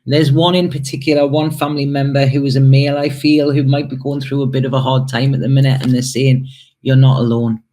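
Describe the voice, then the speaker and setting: Here the tarot reader's voice sits mid-range and slightly mellow, with little pitch movement, a quick pace and hardly any pauses, over slight background noise. Reading tarot and spirits intuitively for the camera, he still hesitates, repeats words, leans on fillers and drifts into emotional asides.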